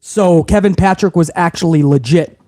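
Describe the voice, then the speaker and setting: Animated man recapping wrestling, high voice. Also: moderate pace, no echo. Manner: animated, profane, rambling with frequent restarts. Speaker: wrestling show host. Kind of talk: live stream recap commentary.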